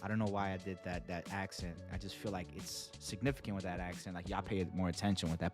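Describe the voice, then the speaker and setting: A man's voice: low-pitched, brisk, hardly any pauses, fairly bright tone, soft background music. A man hosting his own channel, giving a casual, enthusiastic product review to camera in slangy talk and calling out to his viewers again and again. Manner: enthusiastic, slangy, keeps addressing viewers as guys. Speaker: fragrance reviewer and channel host.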